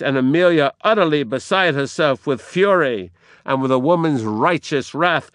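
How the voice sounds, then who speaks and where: A man's voice: on the high side, moderate pace, fairly bright tone, no room sound, studio quality. A man giving a lecture on Shakespeare, with dramatic, emphatic narration woven through quoted verse. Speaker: literature lecturer.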